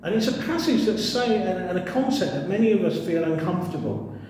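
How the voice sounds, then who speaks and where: Male preacher, lively and playful, slightly high voice, far from the mic, faint room noise. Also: brisk. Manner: animated, acting out voices with humour. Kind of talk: sermon. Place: church hall. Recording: distant mic in echoey hall.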